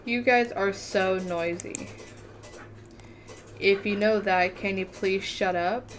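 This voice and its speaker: A cold, bookish schoolboy from a story game, read by a woman without much change to her voice gives short, dismissive replies. It stays at a middle pitch, with faint hiss in the background. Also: natural voice. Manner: curt and dismissive, read plainly.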